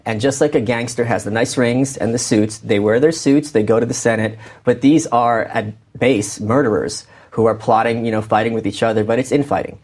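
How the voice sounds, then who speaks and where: A male author as a guest in an interview, talking in an animated way and acting out quotes as he tells stories. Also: mid-range voice. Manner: animated, quick storytelling with acted-out quotes. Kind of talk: interview conversation.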